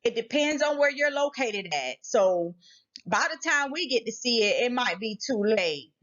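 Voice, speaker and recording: A woman's voice: fairly high pitch, very animated, measured pace, fairly bright tone. Emphatic preachy woman, lo-fi audio. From United States. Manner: emphatic and preachy, repeats rhetorical questions. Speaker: channel host. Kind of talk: casual spiritual warning vlog. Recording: slightly muffled lo-fi audio.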